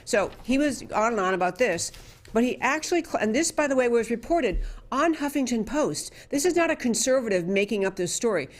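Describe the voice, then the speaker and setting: A woman's voice: a little high, lively intonation, brisk. Emphatic woman hosting a political talk show. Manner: emphatic, with frequent restarts and fillers. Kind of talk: conservative political commentary.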